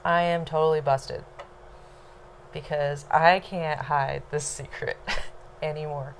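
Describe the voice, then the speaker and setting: A woman telling a personal story to a small audience at home, unhurried and low-key, with laughs between lines. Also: fairly even intonation, vocal fry, slight background noise.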